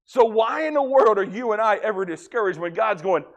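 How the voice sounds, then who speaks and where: A pastor preaching a folksy sermon, joking with the congregation and acting out little dialogues. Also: male voice, high-pitched, expressive, moderate pace, few pauses, dull audio.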